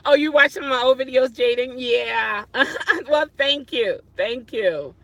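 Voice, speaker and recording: A woman's voice: high-pitched, measured pace, vocal fry, no echo. A woman rideshare driver chatting casually on a phone livestream from her parked car at night, flustered and exclaiming often. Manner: flustered, exclaiming and laughing at herself.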